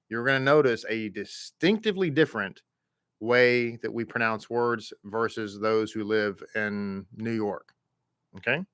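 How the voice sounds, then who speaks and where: A man with a Texas accent teaching a Hebrew reading class online in a relaxed, chatty way, repeating words slowly for his students. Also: mid-range voice, no room sound, clean studio sound. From American South.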